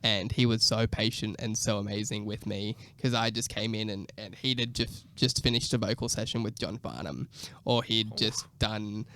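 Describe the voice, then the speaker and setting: A man chatting as a podcast guest about his music, laughing often and playing his younger self in squeaky voices. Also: steady tone, moderate pace, hardly any pauses, pushed and bright, dry recording. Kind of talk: casual podcast chat.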